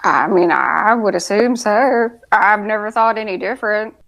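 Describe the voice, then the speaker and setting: A woman's voice: medium pitch, normal speed, vocal fry, a bit bright, low-quality recording. A woman co-hosting a casual TV review podcast, with dry, sarcastic asides. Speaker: podcast co-host.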